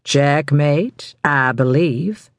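A woman voicing a smug, controlling older male criminal mentor, speaking slowly and with measured self-satisfaction in an audiobook. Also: low voice, dry recording, studio quality, exaggerated voice. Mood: cold.

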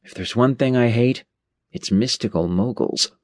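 A man's voice: medium pitch, normal speed, darkish tone, no room sound, studio quality. A man narrating an audiobook in first person, in a wry, sardonic manner. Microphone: studio mic.

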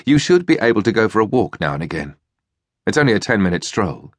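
A man doing a plummy, brisk army officer. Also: on the low side, sing-song, no echo, studio quality.

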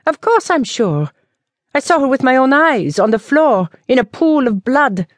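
A woman voicing a panicked, gossipy French village woman of sixty-two in an audiobook, with shrill, frantic outbursts. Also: big pitch swings, unhurried, no echo. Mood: insistent.

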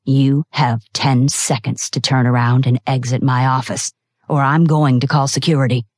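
Woman reading as a cold, curt older boss man, low voice, audiobook, dry sound. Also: steady tone, normal speed, darkish tone, no echo. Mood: contemptuous. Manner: curt, contemptuous. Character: short-tempered older male boss.

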